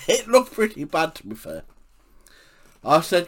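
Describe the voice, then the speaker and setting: A man's voice: a little high, big pitch swings, unhurried. A man from England, telling funny anecdotes from his life for a podcast and often laughing at his own stories. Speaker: podcast storyteller. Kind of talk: anecdotal storytelling.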